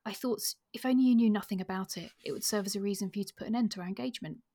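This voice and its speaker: Woman reading as a tearful young woman, remorseful, soft breathy hushed voice. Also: medium pitch, very fast, lightly acted.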